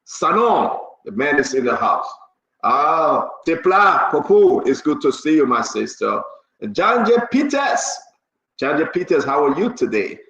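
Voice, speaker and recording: A man hosts a live talk show in a fairly high voice, greeting viewers and breaking into loud exclamations. The sound is echoey and a bit dull. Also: measured pace. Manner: animated, rising to loud exclamations. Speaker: livestream talk show host.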